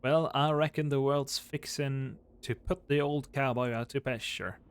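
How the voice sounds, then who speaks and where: A man's voice: mid-range voice, steady tone, unhurried, clear, resonant tone, lightly acted. A man voicing a weary old cowboy who talks in a folksy drawl, reading game dialogue aloud. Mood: mournful.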